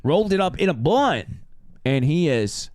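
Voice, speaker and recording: A man who drives for a rideshare service tells a story on a podcast, animated and acting out the people in it. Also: a little high, moderate pace, no room sound, clean studio sound. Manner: animated, acts out the characters.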